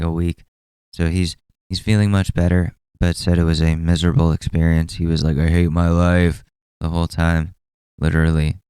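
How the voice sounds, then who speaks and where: Mellow-voiced young man ranting casually. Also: sits low, clear, resonant tone, dry recording. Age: 20s. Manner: rambling, exasperated, profane. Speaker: podcast host. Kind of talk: casual solo commentary.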